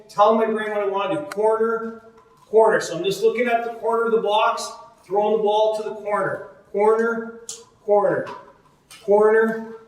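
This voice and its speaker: A man coaching goalies through a juggling drill, calling out repeated cues with steady energy. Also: high-pitched. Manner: energetic, repetitive cueing. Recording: very echoey, distant mic.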